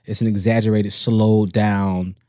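A man's voice: on the low side, little pitch movement, measured pace, warm tone, no room sound, studio quality. A man co-hosting a comedy podcast, teasing bluntly with plenty of swearing. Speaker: podcast co-host. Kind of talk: casual comedic chat.

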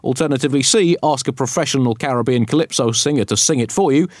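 A man's voice: mid-range voice, fast, no room sound, studio quality. A man co-hosting a satirical comedy show, mock-serious and sardonic, often laughing at his own jokes. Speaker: co-host.

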